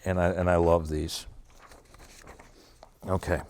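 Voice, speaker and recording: A man's voice: low-pitched, level tone, slow pace, darkish tone. A man leading a parenting workshop at a school, acting out parent and child exchanges with audience members. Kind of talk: interactive workshop talk with role-play. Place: school auditorium or room with audience.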